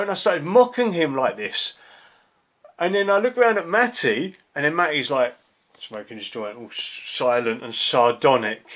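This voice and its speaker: A music reviewer delivers an angry, profane, sarcastic monologue ranting about a record. His voice is medium-pitched and a bit bright, with the record faintly playing in the background.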